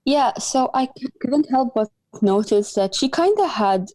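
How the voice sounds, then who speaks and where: Hesitant woman student, mellow voice. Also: high-pitched, expressive, measured pace. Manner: hesitant, many "kinda" and fillers. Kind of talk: class feedback.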